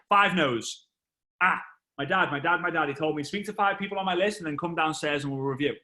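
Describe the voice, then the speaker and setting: Guy speaker telling a story, bright punchy voice, fairly high, acts out all the voices. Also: a little fast. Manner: animated, acts out voices and sound effects. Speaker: motivational speaker. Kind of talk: stage storytelling talk.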